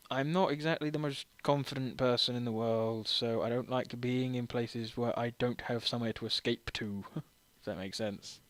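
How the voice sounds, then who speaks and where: A man's voice: mid-range voice, dry recording. Tipsy man rambling over a game. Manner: rambling, self-deprecating, laughs often. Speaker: game streamer. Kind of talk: casual let's-play commentary.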